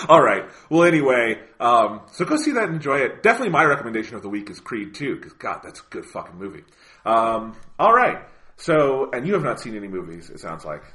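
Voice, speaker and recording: Man, podcast co-host, casual chat, bright voice, animated, swears a lot. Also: mid-range voice, brisk. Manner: animated, swears freely, lots of "like" and "you know".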